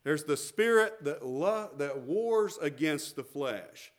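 A man's voice: a little high, lively intonation, takes it slowly. A middle-aged man, preaching a sermon as pastor, emphatic and repetitive.

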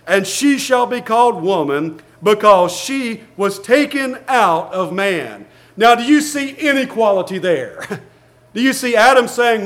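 High-voiced preaching man. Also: a bit bright. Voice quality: reads scripture aloud in King James wording. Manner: earnest preaching with frequent repeated words and light laughs. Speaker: pastor. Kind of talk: sermon.

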